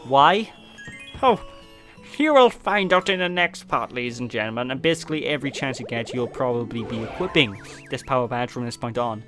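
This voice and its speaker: A man's voice: medium pitch, expressive, brisk, a bit bright. Jokey man from Wales for let's play commentary, music bed. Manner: rambling, self-mocking, jokey asides. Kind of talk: casual gameplay commentary. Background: game music.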